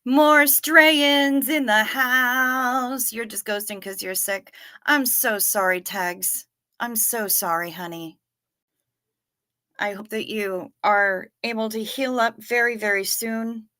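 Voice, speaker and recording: A woman on a casual livestream reads viewers' comments aloud and answers them in a friendly, apologetic way. She's unhurried, with a medium-pitched, pushed, bright voice and fairly even intonation.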